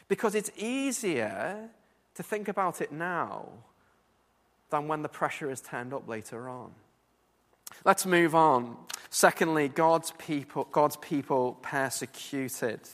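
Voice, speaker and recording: A man preaching a sermon, earnest and animated, often repeating words as he builds his point. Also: on the high side, in a large hall.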